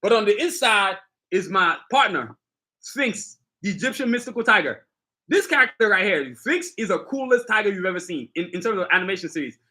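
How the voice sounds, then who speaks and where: A man's voice: high-pitched, very animated, a little fast, bright, forceful tone. A middle-aged man hosting a casual live stream, talking up his own sneaker line with boastful street slang and constant direct talk to viewers. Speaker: sneaker designer and channel host.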